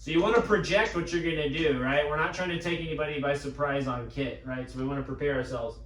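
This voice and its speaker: A man's voice: a little high, quick pace, distant mic. A man teaching a drum lesson, coaching a student and calling out strokes as he plays. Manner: coaching, counting strokes aloud. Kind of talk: live practice pad lesson. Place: drum school room. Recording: echoey room, off-mic, loud noise.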